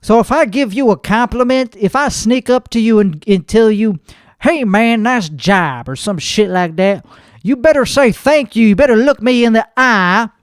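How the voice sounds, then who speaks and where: High-voiced, foul-mouthed ranting man. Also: normal speed, smooth, dry recording, studio quality. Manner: profane, boastful, aggrieved. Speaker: podcast host. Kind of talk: comedic rant.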